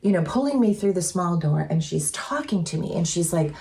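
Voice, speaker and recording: Earnest woman with a gravelly voice. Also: on the low side, animated, fairly quick, few pauses. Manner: earnest, chatty, with many fillers and softly voiced quotes. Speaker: co-host sharing spiritual experiences. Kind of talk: casual storytelling chat.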